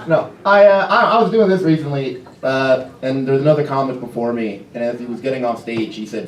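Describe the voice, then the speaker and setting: A man's voice: mid-range voice, very animated, noisy background. Young man doing stand-up in a club. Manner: self-deprecating, quick asides and stumbling restarts. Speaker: stand-up comedian. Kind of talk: stand-up routine. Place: comedy club stage. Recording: roomy club from a distance. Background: audience laughter.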